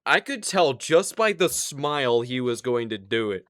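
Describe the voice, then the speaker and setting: A man from the American South co-hosting a casual podcast and rambling through stories. His voice is bright and crisp, recorded dry and close. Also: medium pitch, big pitch swings, unhurried, no room sound. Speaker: podcast co-host.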